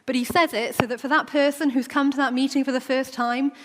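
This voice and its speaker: A woman's voice: high-pitched, fairly even intonation, a little fast, noisy background. A woman preaching a sermon in a church, talking in a conversational way and acting out the quoted voices. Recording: long church reverb.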